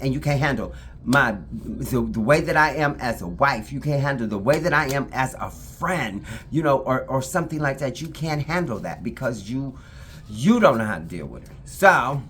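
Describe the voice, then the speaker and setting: A woman's voice: rumbling low, slight background noise. Lady chatting to her camera, keeps repeating herself for emphasis, talks to her dog between points. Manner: breaks off to talk to her puppy. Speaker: vlogger. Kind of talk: casual talk to camera.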